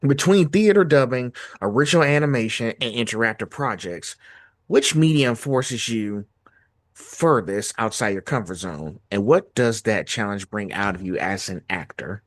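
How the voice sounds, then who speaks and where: A man hosts a relaxed interview and lays out long, two-part questions for his guest. His pitch moves around a lot, and the sound is dry and close to the mic. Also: moderate pace, dry recording. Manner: lively, asks long multi-part questions. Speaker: podcast host.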